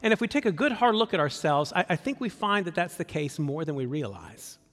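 Pastor, male, conversational sermon delivery; bright, very expressive pitch, long church reverb. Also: a little fast. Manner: conversational, animated, acts out quoted voices.

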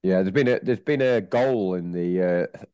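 A man's voice: deep voice, normal speed, dark tone, clear, resonant tone, no room sound, highs cut off. A man co-hosting a casual podcast, rambling and telling stories with animation. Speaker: podcast co-host. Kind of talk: casual chat.

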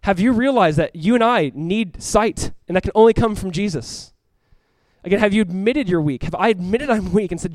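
A male pastor preaching a sermon and closing in prayer, swinging between loud urgent calls and hushed quiet passages. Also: sits high, lively intonation, normal speed, no room sound. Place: church room with congregation.

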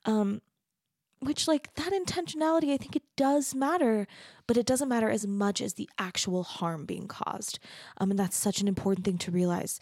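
A woman with a warm, mellow voice explains her song line by line, with frequent pauses, fillers and restarts. She reads her lyrics aloud earnestly and softly. The sound is dry and close, with no room around it. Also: mid-range voice, no echo. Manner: thoughtful, halting, many fillers and restarts. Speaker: songwriter.

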